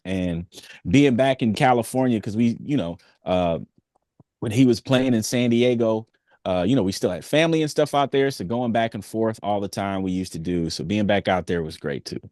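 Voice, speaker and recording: A man's voice: on the low side, moderate pace, darkish tone, no room sound. Young man, casual chat, easygoing, dry close recording. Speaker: singer, guest.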